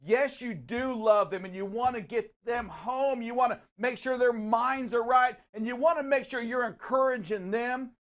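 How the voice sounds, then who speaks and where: A man hosting a live talk show, giving energetic, preachy encouragement. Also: very high voice, moderate pace, hardly any pauses. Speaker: show host.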